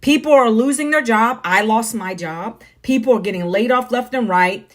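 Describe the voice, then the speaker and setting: A woman's voice: a little high, normal speed. A middle-aged woman from the United States, talking bluntly and preachily to viewers on a phone live stream. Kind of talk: casual live-stream monologue.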